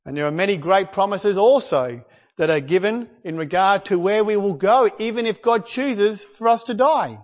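Man preaching, high-pitched voice, animated delivery, long hall echo, dull lo-fi sound. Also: normal speed. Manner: animated, rising to near-shouts when quoting praise. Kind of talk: sermon.

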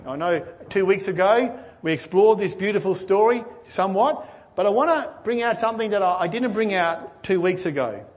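A man preaching a sermon, earnestly asking his listeners questions and swinging between excited and hushed delivery. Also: sits high, normal speed. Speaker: pastor.

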